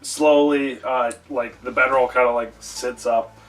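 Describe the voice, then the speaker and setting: A man narrating a tabletop game as game master, halting and full of fillers. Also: mid-range voice, fairly even intonation, a bit bright. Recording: distant mic, faint music.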